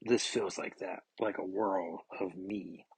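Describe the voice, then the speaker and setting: A man voicing a grim, guilt-ridden middle-aged brawler in a low, subdued, husky voice. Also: steady tone, slow, heavily acted, poor audio. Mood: brooding.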